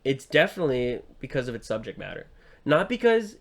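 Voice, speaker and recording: A man's voice: mid-range voice, big pitch swings, a little fast. A young man co-hosting a podcast, chatting casually about a film with many fillers and restarts. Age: young adult. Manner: rambling with frequent fillers and restarts. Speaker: podcast co-host.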